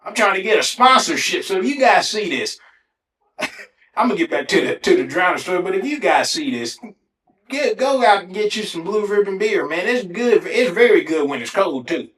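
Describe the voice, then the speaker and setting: A man hosting a podcast alone, telling funny stories in a casual, animated way and swearing freely. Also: sits high, normal speed. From Ohio, USA. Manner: animated, swears casually, breaks into exaggerated self-mocking. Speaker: podcast host. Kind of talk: casual solo storytelling. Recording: echoey room.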